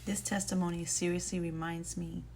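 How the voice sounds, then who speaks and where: A woman's voice: fairly low pitch, level tone, normal speed, dark tone, slight background noise. A woman, a single mom, telling an earnest and emotional faith testimony in a casual way, with many restarts.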